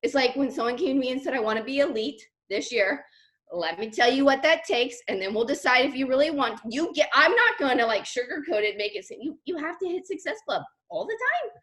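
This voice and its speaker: A woman leading a team call, talking in a chatty, animated way with lots of fillers. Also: high voice, fairly quick. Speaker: team leader on a sales call. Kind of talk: motivational team call talk.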